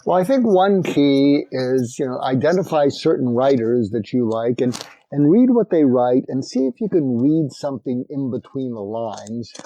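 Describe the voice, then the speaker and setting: An older man recounts a story in a measured, unhurried way as a guest on a podcast. His voice is mellow and sits in a middle pitch. The sound is dry and close, with no room behind it. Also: expressive, no room sound, dull audio. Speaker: guest psychiatrist and author. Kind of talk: storytelling in an interview.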